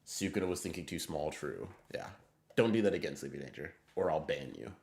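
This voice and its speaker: A deep-voiced man hosts a live stream and talks casually with his viewers. He rambles in excitable bursts and swears freely as he answers them. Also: a little fast, vocal fry. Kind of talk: casual livestream chat reading viewer messages.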